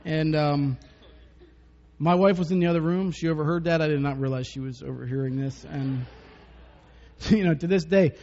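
A man with a fairly high, darkish-toned voice delivers a sermon at a moderate pace, telling personal stories conversationally and joking with frequent chuckles. The sound is muffled and dull, with long reverb.

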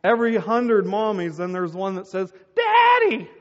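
A man's voice: high voice, normal speed, in a large hall, dull audio. A middle-aged man preaching a sermon as a pastor and telling stories with acted-out voices.

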